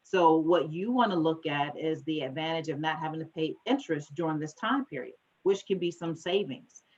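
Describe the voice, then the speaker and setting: A woman financial advisor giving an animated conference talk, speeding up when she gets excited. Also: deep voice, normal speed, highs cut off.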